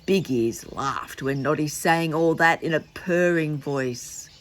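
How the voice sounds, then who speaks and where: An older woman reading a children's book aloud, gentle and coaxing as she talks to the young listeners, birds outside. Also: low-pitched, slow pace. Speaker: storyteller for children.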